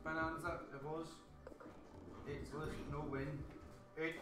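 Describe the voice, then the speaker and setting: An excitable Irish man hosting a live slots stream, chatting casually with viewers and cheering loudly at bonus rounds. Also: on the high side, slow pace, heavy background noise. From Ireland. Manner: casual chatty banter with swearing. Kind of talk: live stream chat reading out viewers' comments. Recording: roomy echo with game music behind.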